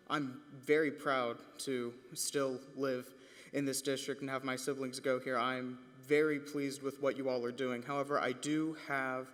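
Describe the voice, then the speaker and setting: A young man addresses a school board from a podium microphone, courteous and a little hesitant, with plenty of fillers. His voice sits at a middle pitch and rings with a long meeting-hall reverb. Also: a bit bright. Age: young adult. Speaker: public commenter, recent alumnus. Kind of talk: polite public comment.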